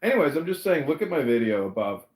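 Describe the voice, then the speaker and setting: A man's voice: a little high, sing-song, quick pace, echoey room. Brash, profane man hosting a voice chat. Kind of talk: casual chat.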